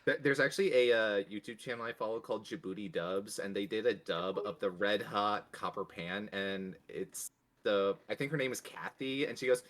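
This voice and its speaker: A man's voice: fairly low pitch, moderate pace, a bit bright. A man chatting casually as a tabletop game player, playful and often laughing.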